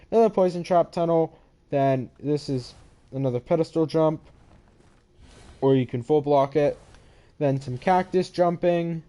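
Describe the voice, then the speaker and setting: Slightly high yet dark in tone, a young gaming channel host's voice comes through a headset mic as he casually tours his own game maps. The walkthrough meanders in a yawny, sleepy way, punctuated by apologies.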